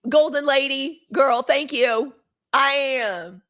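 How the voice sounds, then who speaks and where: A woman's voice: high-pitched, normal speed, a bit bright. A young woman from Mississippi, hosting a live show in casual, gossipy chat, cursing freely. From Mississippi, USA.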